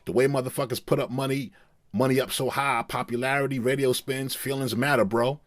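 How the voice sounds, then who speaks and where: A man imitating an impassioned male rapper, delivering a loud, emphatic, preachy stage rant in a voice raised well above his own. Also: mid-range voice, fairly even intonation, brisk, no room sound, voice pushed up, close to an everyday voice. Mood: fired-up ranting.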